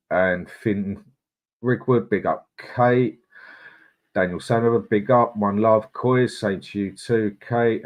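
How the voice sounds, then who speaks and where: A man's voice: low-pitched, husky. A man, co-hosting a live stream and reading viewer comments in a blunt, chatty way. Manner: chatty, blunt and opinionated, with frequent "mate" and laughs. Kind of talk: casual live-stream chat.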